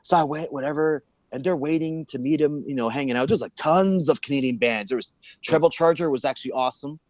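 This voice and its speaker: A man telling a backstage story in casual chat, animated and swearing, acting out the people he quotes. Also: fairly high pitch, fast talker, no echo, dull audio.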